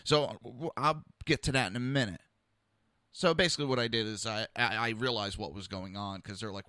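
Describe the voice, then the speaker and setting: A man's voice: fairly low pitch, brisk, pushed and bright, no echo, studio quality. A man hosting a podcast, telling a personal story in a heated, rambling, blunt way. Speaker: podcast host.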